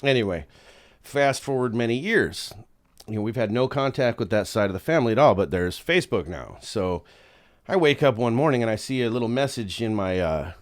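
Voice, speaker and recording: A man's voice: mid-range voice, animated, brisk. A man, a podcast guest, telling a story in casual chat, swearing freely and acting out what people said to him. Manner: profane, laid-back, acts out quotes.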